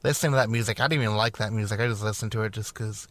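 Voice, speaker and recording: A man's voice: on the low side, racing, fairly bright tone, no echo. A man chatting casually on a podcast, laid-back and reminiscing. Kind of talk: casual chat.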